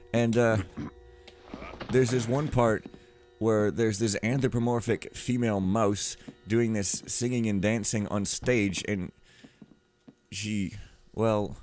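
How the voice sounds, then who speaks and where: A man giving casual, rambling gameplay commentary, joking and often trailing off quietly. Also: fairly low pitch.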